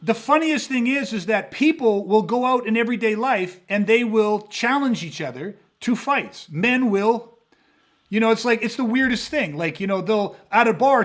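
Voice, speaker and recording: A self-defense instructor with a noticeably high voice delivers a casual podcast monologue. He swears freely and tells animated stories, acting out the voices of the people in them.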